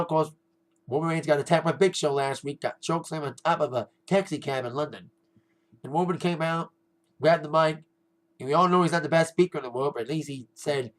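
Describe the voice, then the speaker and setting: A man's voice: fairly high pitch, low-quality recording. A young man giving a casual, rambling spoken review, often repeating himself and laughing now and then. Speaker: wrestling show reviewer.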